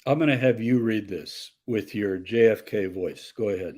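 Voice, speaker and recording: A man teaching like a professor in an interview, explaining scripture passages with lively quoted voices. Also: fairly low pitch, normal speed.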